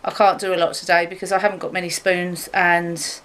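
A woman's voice: flat delivery, fairly quick, fairly bright tone, slight background noise. A woman vlogging while walking her dog outdoors, talking to her phone camera in a chatty, rambling way. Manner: chatty, rambling, talks to her dog in a high sing-song voice. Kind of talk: casual chat to camera.

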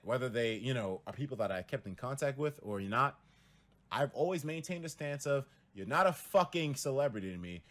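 A young man chatting to his stream audience in a loose, casual way. His voice swings widely and lively in pitch as he acts out what people said, often shooting up high and loud, with plenty of swearing along the way. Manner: animated storytelling, acts out quotes with big pitch jumps and cursing. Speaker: livestreamer. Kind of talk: casual stream talk to viewers.

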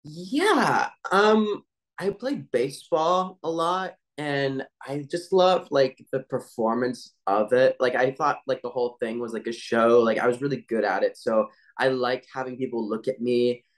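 A man's voice: medium pitch, unhurried. Young male guest, easygoing, filler-heavy chat, mid-range voice. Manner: laid-back, filler-heavy storytelling. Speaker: voice actor guest. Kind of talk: casual interview chat.

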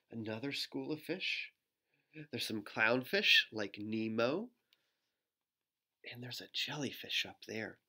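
Man, pastor, children's book read-aloud, mid-range voice, gentle, playful asides. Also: mid-range voice, creaky. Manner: gentle storytelling with playful asides and animal sounds.

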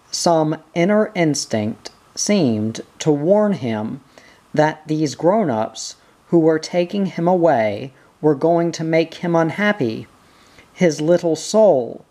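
A reader narrating a history book in an even, measured manner. The pace is markedly slow and careful, with each phrase given room. The voice sits at a middle pitch. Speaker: audiobook reader. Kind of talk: reading a history book aloud.

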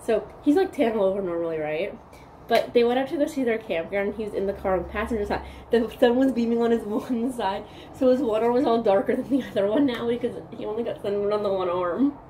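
A woman's voice: on the high side, fast talker, mellow, slight background noise. A young woman from Newfoundland vlogging in a rambling, giggly casual chat, saying "like" a lot. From Newfoundland, Canada. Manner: chatty, rambling, giggly, heavy use of "like".

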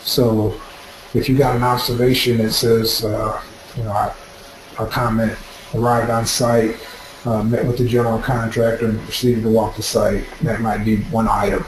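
Male webinar presenter, low-pitched, steady explainer, recorded in a roomy space. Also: moderate pace, slight background noise. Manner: steady, explanatory, practical advice. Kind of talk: instructional webinar talk.

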